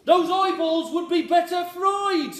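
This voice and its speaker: A man voicing a distraught mother in a comic poem, shouting in a high frantic voice. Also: slow pace. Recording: echoey hall with faint noise.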